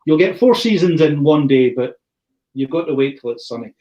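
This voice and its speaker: A man's voice: fairly high pitch, lively intonation, moderate pace, mellow, lo-fi sound. A middle-aged man from the far north of Scotland with a Scottish accent, presenting an online whisky tasting in a chatty, rambling way and often restarting his phrases. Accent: Scottish, far north (Caithness). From Thurso, north of Scotland.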